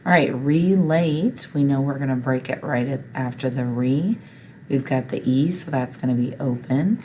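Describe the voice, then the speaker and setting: A woman's voice: very deep voice, moderate pace, mellow, slight background noise, rough recording. A woman teacher patiently walking learners through a recorded reading lesson step by step.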